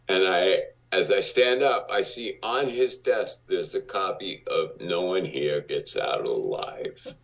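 A Cuban-born man with a low, gravelly voice tells stories as an interview guest, acting out quotes as he goes. He speaks slowly, and the audio is distant and dull. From Cuba. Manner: animated, acts out quotes. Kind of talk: casual interview storytelling.

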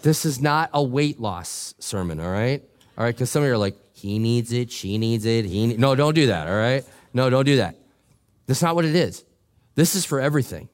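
A middle-aged male pastor preaching a sermon, telling a joking, animated story with quoted voices. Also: mid-range voice. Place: church sanctuary.

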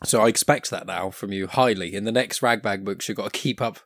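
A man's voice: fairly low pitch, brisk, vocal fry, a bit bright, no room sound, clean studio sound. A man chatting casually on a podcast, talking in a hesitant, filler-heavy way.

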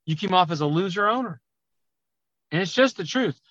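A man talking loudly and emphatically as a business coach in a conversational podcast interview. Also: sits high, moderate pace, no room sound, muffled recording. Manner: loud, emphatic, animated talker. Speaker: auto repair business coach.

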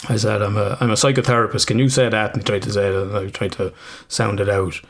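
A man's voice: lowish voice, level tone, quick pace, vocal fry. A man in his thirties, a psychotherapist co-hosting a podcast, rambling casually with swearing and laughter. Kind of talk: casual chat.

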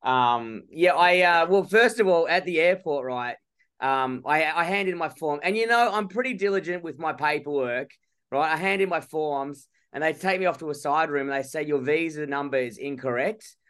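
A man's voice: fairly high pitch, expressive, normal speed, a bit bright, clear, resonant tone. A young Australian man co-hosting a casual podcast, telling a story with swearing and mock outrage. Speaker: podcast co-host. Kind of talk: casual chat. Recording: phone or laptop call from abroad.

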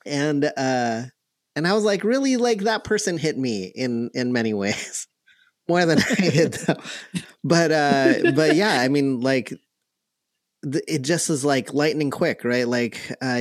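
A playful man co-hosts a podcast, joking around in casual chat. His voice has a middling pitch. The recording is close and dry. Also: takes it slowly, dry recording. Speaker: podcast co-host.

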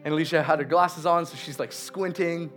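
A man preaching, telling a story about his daughter in an animated way, laughing as he goes and slowing down for emphasis. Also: fairly high pitch, soft background music. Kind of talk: sermon storytelling.

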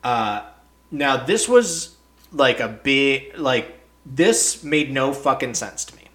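A young man podcaster recapping in a loose, casual way, his voice at an ordinary middle pitch. He swears constantly and breaks into incredulous rants that jump sharply higher before settling back down. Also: expressive, slow pace, a bit bright. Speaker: podcast host.

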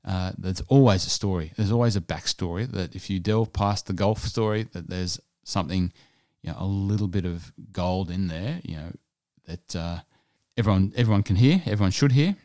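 A man's voice: deep voice, moderate pace, hardly any pauses, mellow, no echo, clean studio sound. A Scottish-born man hosting a solo podcast, chatting in a rambling, enthusiastic way with plenty of fillers. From Scotland. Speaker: podcast host. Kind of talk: casual solo podcast chat.

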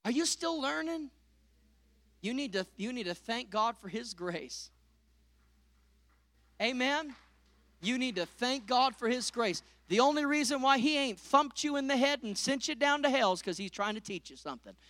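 A middle-aged man preaching a sermon, swinging from loud peaks to hushed lines and calling out to the congregation. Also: very high voice, expressive, moderate pace, no echo. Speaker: pastor.

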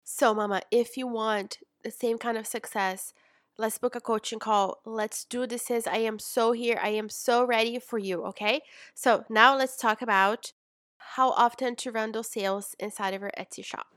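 A young adult woman coaching in a chatty, animated way, calling her listener mama and sis. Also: on the high side, normal speed, no echo, clean studio sound. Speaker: business coach. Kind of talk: casual coaching talk.

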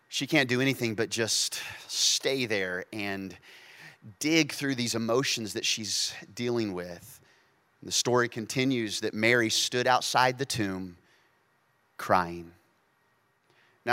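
A pastor delivers a sermon in a mid-range voice, moving between quiet, intimate passages and loud, forceful ones. He acts out quotations and adds playful asides.

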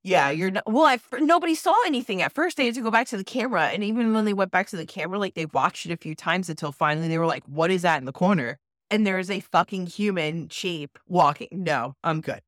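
A woman co-hosting a casual podcast chat, telling a ghost story in an animated way with plenty of swearing. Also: lowish voice, fast, hardly any pauses, no echo, clean studio sound. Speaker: podcast co-host.

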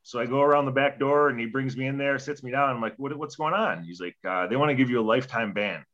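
A man's voice: medium pitch, fast talker, fairly bright tone, lo-fi sound. A young man, a former hockey player, telling a story in a casual interview, profane and rambling, acting out quoted dialogue.

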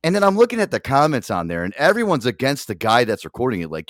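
A man's voice: medium pitch, fast talker, no echo, clean studio sound. A man co-hosting a podcast, telling stories in casual chat with lots of swearing and acted-out quotes. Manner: animated storytelling, swears a lot, acts out quotes. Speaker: co-host.

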